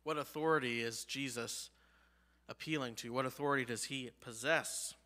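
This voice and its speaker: A man's voice: mid-range voice, steady tone, normal speed, bright, forceful tone, long reverb tail. A male pastor preaching a sermon, emphatic, asking the congregation rhetorical questions. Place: church sanctuary.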